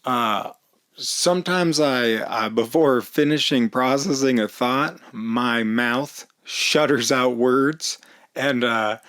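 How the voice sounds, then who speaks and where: A man telling a comedic personal story in an animated, self-mocking way, laughing often. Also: medium pitch, slow pace. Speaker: storyteller vlogger.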